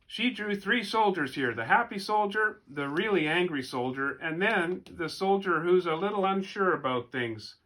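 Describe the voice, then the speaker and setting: A man telling a folk tale for children and then asking his listeners gentle questions, with animated, expressive delivery. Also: sits high, normal speed, hardly any pauses. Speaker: storyteller. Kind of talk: storytelling for children.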